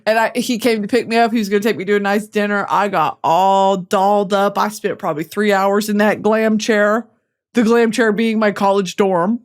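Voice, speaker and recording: A woman from Texas hosting a comedic podcast, animated and profane as she rants straight to the audience. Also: medium pitch, moderate pace. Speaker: podcast host.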